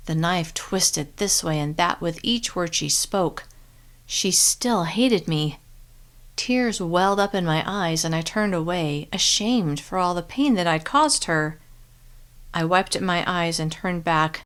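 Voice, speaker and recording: A woman narrates a novel in the first person with a slightly low voice. Her reading is steady and clear, made for listening. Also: unhurried. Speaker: audiobook narrator.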